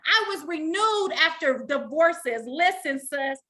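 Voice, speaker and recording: Bright high-voiced woman life coach. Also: expressive, slow. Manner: preacher-like call and response with the audience. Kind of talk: live online motivational session.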